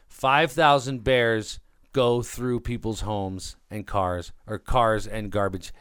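A man's voice: fairly low pitch, fairly even intonation, slow pace, a bit bright, smooth, no room sound, clean studio sound. A man co-hosting a podcast, telling offbeat news stories in a playful, joking way. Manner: playful, jokey storyteller. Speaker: podcast co-host. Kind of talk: casual banter.

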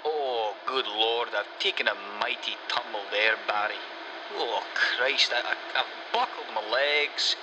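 A man's voice: mid-range voice, unhurried, noisy background. A man doing a lost, stammering old man. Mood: bewildered. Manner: stammering, bewildered, groaning.

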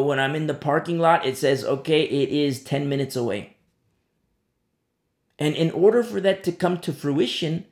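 Gravelly-voiced male preacher, echoey room. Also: on the high side, a little mellow. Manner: conversational storytelling with frequent "you know". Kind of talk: sermon.

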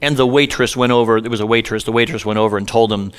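A man's voice: on the low side, flat delivery, racing, few pauses, smooth. A middle-aged male pastor telling a humorous personal story in a sermon, self-deprecating and conversational.

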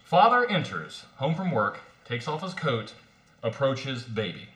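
A man's voice: mid-range voice, sing-song, a little slow, a bit bright. A man hosting a podcast play reading, hesitant with fillers, reading stage directions. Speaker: podcast host. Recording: echoey room.

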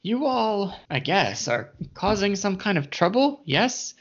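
A man's voice: high-pitched, very animated, voice pushed up, exaggerated voice. A man voicing a scheming male goblin underling who wheedles and plots, with many fillers and halts. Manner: wheedling, plotting, halting with fillers. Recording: dull lo-fi audio.

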